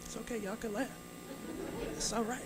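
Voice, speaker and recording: A woman's voice: a little high, steady tone, moderate pace, over a noisy crowd, heavy background noise. A woman telling a comic story from a stage in a large hall, chatting with the audience, teasing them, and acting out the dialogue. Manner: chatty, teases and prompts the audience, acts out dialogue. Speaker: guest speaker telling a story.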